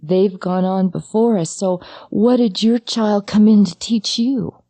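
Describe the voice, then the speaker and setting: Speaking haltingly and intimately straight to the listener, a middle-aged psychologist who has lost a child shares a personal talk about grief. Her pitch is medium, her tone dark, and the recording carries no room sound.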